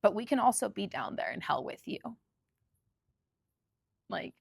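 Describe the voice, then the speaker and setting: A young adult woman giving an intimate, heartfelt spiritual monologue, soft and earnest with emotional pauses. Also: medium pitch, lively intonation, vocal fry, no room sound, studio quality. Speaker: spiritual channel host.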